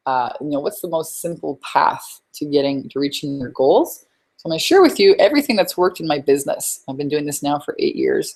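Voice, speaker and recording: A woman's voice: sits low, darkish tone. A woman business coach hosting a live webinar, effusive and upbeat, chatting with her audience as she teaches.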